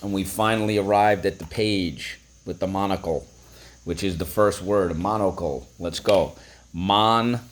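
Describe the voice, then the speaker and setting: A man's voice: low-pitched, fairly even intonation, normal speed. A man teaching a phonics lesson, breaking words into syllables and prompting listeners to repeat.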